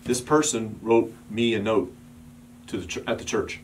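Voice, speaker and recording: A man preaching a sermon as pastor, building emphatic repeated calls and sometimes dropping to a soft, quiet storytelling voice. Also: on the low side, moderate pace, slight background noise.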